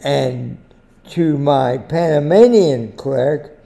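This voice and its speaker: An older American man hosting a short editorial, telling anecdotes in a slow, deliberate storytelling manner. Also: medium pitch, creaky, warm tone. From United States. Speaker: editorial host.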